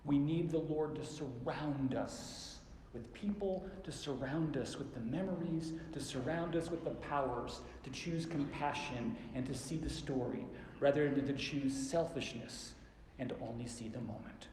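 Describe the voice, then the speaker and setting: A man preaching a sermon, slowing down and dropping his voice soft to stress key lines. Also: mid-range voice, slight background noise. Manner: slows down and drops soft for emphasis. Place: church sanctuary. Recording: echoey church hall.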